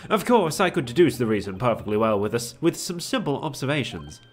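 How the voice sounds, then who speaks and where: Man putting on a pompous british sleuth, theatrical, lifted pitch, lively delivery. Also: brisk, faint music behind. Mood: grandiose. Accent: British, put on. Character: eccentric pompous male British detective.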